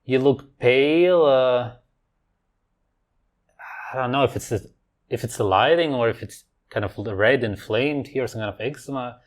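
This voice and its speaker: A man's voice: medium pitch, a little slow, pauses often. A man hosting a reaction video, talking over clips with scornful, sarcastic commentary.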